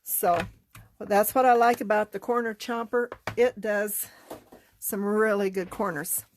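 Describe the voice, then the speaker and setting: Congested middle-aged woman, unhurried and chatty, craft tutorial host. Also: medium pitch, fairly even intonation, a little hiss or hum. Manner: chatty, unhurried, talks while working. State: congested, sniffling. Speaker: card-making class teacher.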